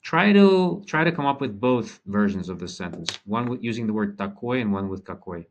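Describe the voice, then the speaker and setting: Low-voiced man teaching a language lesson. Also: lively intonation, slight background noise. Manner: thinks aloud with many ums and restarts, slow model sentences. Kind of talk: relaxed spoken lesson.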